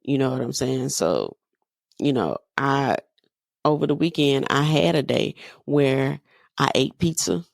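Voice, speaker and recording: Candid woman in her thirties, slight gravel. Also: a bass voice, animated, a little slow, dry recording, studio quality. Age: 30s. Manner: candid, conversational, lots of fillers. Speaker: podcast host. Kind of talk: personal monologue.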